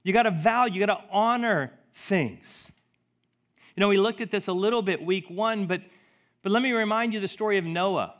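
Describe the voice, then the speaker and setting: A middle-aged man preaching a sermon as pastor, telling stories with a lively swing between loud outbursts and quiet, soft passages. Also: high voice, normal speed. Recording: dull lo-fi recording.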